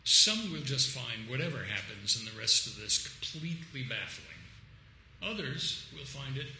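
A man lectures with a lively, swinging delivery, often acting out quoted lines. His voice is bright and sharp. The recording is roomy and echoey, with a faint hiss underneath. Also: medium pitch, moderate pace. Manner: animated, emphatic, acts out quoted lines. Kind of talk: academic lecture. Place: lecture room.

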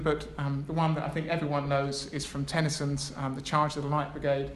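A man's voice: fairly high pitch, completely flat delivery, a little fast. Man giving a lecture. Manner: reads a prepared text, with hesitant asides. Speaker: academic speaker. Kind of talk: academic lecture. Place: lecture room. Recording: echoey room, faint background noise.

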